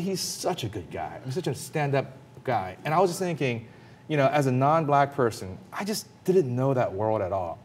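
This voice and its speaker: Guy telling a story on a talk show, earnest, gets emphatic fast, mid pitch. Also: a little mellow, a little hiss or hum. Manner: earnest, emphatic, with quick rises of intensity. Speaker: commentator. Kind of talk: personal storytelling in a panel talk.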